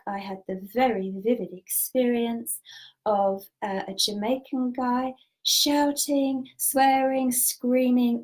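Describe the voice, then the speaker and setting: A woman, a spiritual teacher telling personal stories and giving guidance in a calm, measured, earnest way. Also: on the high side, poor audio. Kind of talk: spiritual storytelling talk.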